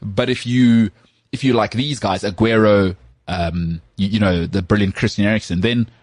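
A man co-hosting a podcast, talking football in an animated, joking way. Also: fairly low pitch, no room sound. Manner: animated, jokey, does quick impressions of others. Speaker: podcast co-host. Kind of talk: casual sports chat.

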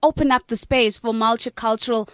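A woman's voice: on the high side, fairly even intonation, a little fast, no echo. Earnest woman, close and dry. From South Africa. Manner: earnest, building points in long lists. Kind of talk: discussion.

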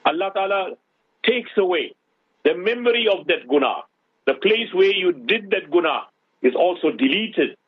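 Husky man preaching over a tinny phone line. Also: sits high, expressive, moderate pace, no echo. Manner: preaching, rhetorical questions. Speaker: radio host. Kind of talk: radio Islamic advice talk.

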